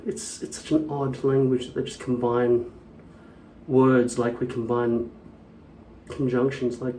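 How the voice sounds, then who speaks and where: A man's voice: medium pitch, level tone, a little slow, warm tone, slight background noise. Ranting, foul-mouthed man in an echoey room. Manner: rambling, profane and ranting. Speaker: vlogger. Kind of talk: casual chat. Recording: echoey room, mic at a distance.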